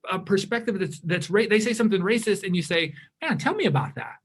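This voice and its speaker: A man leading a diversity workshop speaks in a somewhat high voice. He is animated and often restarts his sentences. He acts out the remarks he quotes. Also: fast talker, few pauses. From California. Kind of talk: interactive workshop talk.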